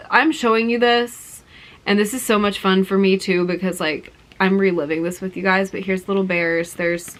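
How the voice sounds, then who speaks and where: A young woman vlogging in a casual, excited way, gushing and rambling as she shows gifts to her viewers. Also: mid-range voice, poor audio. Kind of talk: casual chat to camera.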